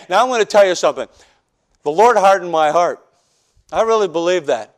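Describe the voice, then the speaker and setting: A pastor from the northern United States preaching a personal testimony sermon, telling his story with animated, joking storytelling that acts out scenes. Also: high voice, a little fast, long pauses.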